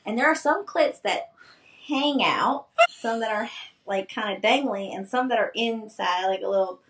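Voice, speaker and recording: A woman co-hosting a podcast, chatting casually and bluntly about a book she has read, with crude, animated retellings of its scenes. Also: medium pitch, normal speed, echoey room, distant mic, slight background noise. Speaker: podcast co-host. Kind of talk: casual book-review chat.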